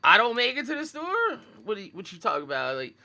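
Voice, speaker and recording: Bright-voiced young man, casual and profane. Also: very high voice, huge pitch swings, fast. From Philadelphia, USA. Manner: laid-back, profane street slang, chatty. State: groggy morning voice. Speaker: sneaker vlogger. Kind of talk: casual chat to live viewers.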